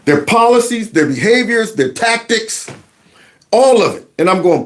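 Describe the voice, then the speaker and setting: High-voiced man ranting on his show. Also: animated, unhurried. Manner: folksy, emphatic, slangy, acts out quotes. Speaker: commentary show host. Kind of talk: casual political commentary.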